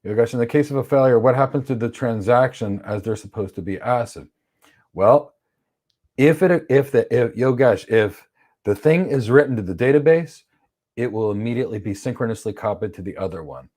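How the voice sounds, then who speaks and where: During a livestream Q&A lesson, a cloud certification instructor tackles viewer questions on cloud architecture in a blunt, opinionated style. He speaks at an ordinary male middle pitch with a darkish tone and occasionally acts out short examples in playful voices.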